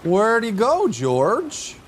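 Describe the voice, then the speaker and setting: A man's voice: very slow, slight background noise. A man streaming live, talking his chat through a game and yelping at enemies. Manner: excitable, jumps to high yelps and mock insults at enemies. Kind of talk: live gameplay commentary.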